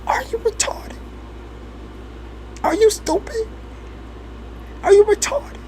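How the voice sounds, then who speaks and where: A man imitating his exasperated, sharp-tongued grandmother scolding him in a shrill, incredulous voice. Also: animated, takes it slowly, a little hiss or hum, exaggerated voice.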